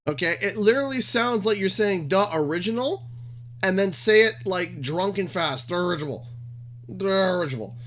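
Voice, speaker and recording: A man's voice: high voice, animated, normal speed, a bit bright, slight background noise. A young man from Canada, chatting casually and joking in a rambling way while live-streaming a game.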